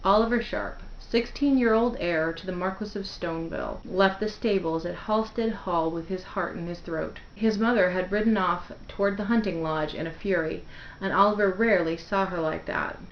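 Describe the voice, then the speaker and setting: Roomy, low-voiced woman reading a novel. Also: slight background noise. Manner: measured, expressive narration. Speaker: book reader. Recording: roomy, dull lo-fi home recording.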